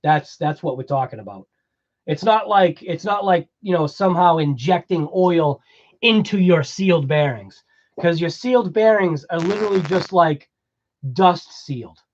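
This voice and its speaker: A man's voice: on the high side, expressive, normal speed, lo-fi sound. A man with a Boston accent hosting a casual livestream, chatting with viewers, laughing often and rambling through explanations. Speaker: livestream host.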